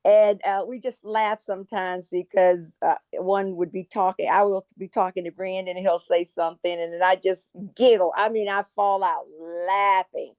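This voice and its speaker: A woman's voice: mid-range voice, fairly even intonation, moderate pace, few pauses, darkish tone, smooth, no echo. A middle-aged woman co-hosting a podcast, encouraging her guests and often stumbling over repeated words. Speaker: podcast co-host. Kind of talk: casual interview chat.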